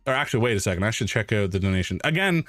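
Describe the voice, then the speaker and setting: A man's voice: fairly low pitch, animated, very fast, fairly bright tone, no room sound. A man streaming, chatting casually in a rambling, playful, self-deprecating way. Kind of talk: casual live-stream chat.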